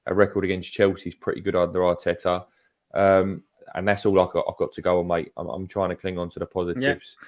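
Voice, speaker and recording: A man's voice: sits low, flat delivery, quick pace. A man co-hosting a football podcast, chatting casually, calling people mate and going over the same points again. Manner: calls people mate, repeats himself. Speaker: podcast co-host.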